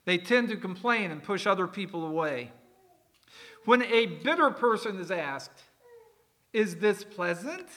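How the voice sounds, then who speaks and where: High, bright-voiced male preacher. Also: animated, normal speed. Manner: conversational, explaining words with folksy asides. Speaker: pastor. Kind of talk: sermon.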